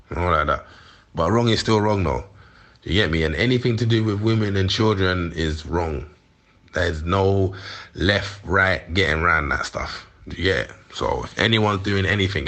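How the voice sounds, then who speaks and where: This interview guest, a Londoner in his forties, has a low, bright, forceful voice. He gets heated and talks in street slang during the candid chat, laughing readily.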